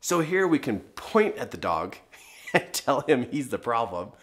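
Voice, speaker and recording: Man, middle-aged, parenting coach, motivational talk, emphatic, rhetorical questions, lively swinging pitch. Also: measured pace.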